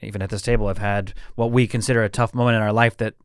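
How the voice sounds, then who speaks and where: A man's voice: on the low side, flat delivery, very fast, clean tone, no room sound, studio quality. A man, a father and podcast co-host, telling joking, rambling anecdotes in casual chat.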